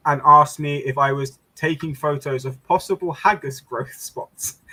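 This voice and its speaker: An English man in casual chat, telling stories lively and laughing often. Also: fairly high pitch, unhurried. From England. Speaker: show host.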